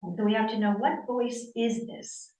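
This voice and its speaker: A woman in her sixties, from the northern United States, speaking as a guest speaker on yoga and telling personal stories in an animated way, acting out the dialogue she quotes. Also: a little high, moderate pace. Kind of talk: personal storytelling talk. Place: church hall. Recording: echoey room, distant mic.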